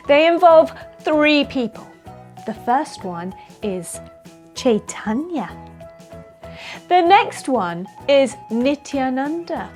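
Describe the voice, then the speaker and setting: A woman telling a story to children in a playful, expressive way, speaking directly to her young listeners. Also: sits high, takes it slowly. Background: faint music.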